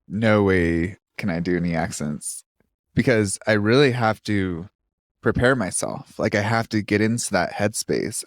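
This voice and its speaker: A man co-hosting a podcast in casual chat, relaxed and hesitant, often pausing with fillers. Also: on the low side, dry recording, studio quality. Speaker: podcast co-host.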